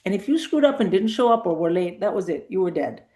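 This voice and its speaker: A woman's voice: fairly low pitch, expressive, fast talker, mellow. A middle-aged woman comedian telling anecdotes in a casual interview, acting out the voices of people she quotes. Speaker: comedian guest.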